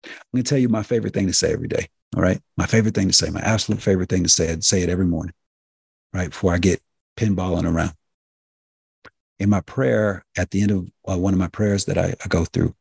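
A man with a very low, husky, fry-laden voice hosts a health talk radio show. He speaks in an emphatic, preacher-like cadence, repeating phrases for effect. His voice is recorded dry and close. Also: steady tone, fast talker, a little mellow, dry recording. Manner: addresses listeners directly as folks and healers.

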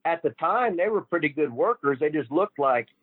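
An older man tells wrestling road stories over a tinny, dry phone line, cursing every other word. His voice sits a little high for a man, and he jumps into the voices of the people he quotes. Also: expressive, normal speed, breathy edge, no echo. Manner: swears constantly, acts out quoted dialogue. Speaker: guest wrestler and trainer. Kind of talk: profane storytelling.

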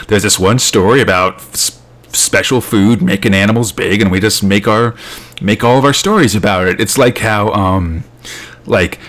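Casual male co-host with a lowish voice, rambling and chatty, full of restarts and quick laughs. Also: a bit bright. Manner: rambling, laughs often, lots of fillers and restarts. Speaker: podcast co-host. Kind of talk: casual chat.

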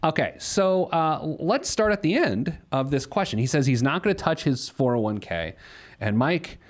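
A man's voice: a little high, expressive, normal speed. A man hosting a money advice show, talking casually and joking, with lots of fillers. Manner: joking, rambling with many fillers. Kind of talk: casual radio show banter.

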